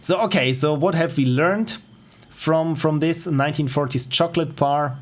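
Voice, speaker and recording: A man's voice: fairly high pitch, moderate pace. A man with a German accent, a native German speaker, chatting casually on a livestream as a game developer, rambling and interrupting himself. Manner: rambling, self-interrupting, chuckles often.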